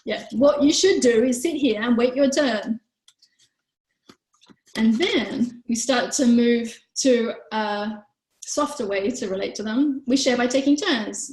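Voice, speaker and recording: Woman teaching parents, bit high voice, chatty, echoey room. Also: slow, a little mellow. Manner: chatty, acts out quoted lines in higher voices. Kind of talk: online workshop talk.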